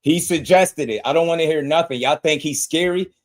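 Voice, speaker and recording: A man's voice: a little high, brisk. Hyped man on a boxing livestream. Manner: animated, laughing, swings from shouting to muttering. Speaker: boxing podcast host. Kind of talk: excited livestream boxing talk.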